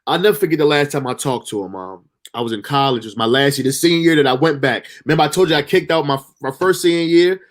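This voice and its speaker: Emotional man telling a personal story. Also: a little high. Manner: halting, full of fillers and restarts. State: emotional, near tears.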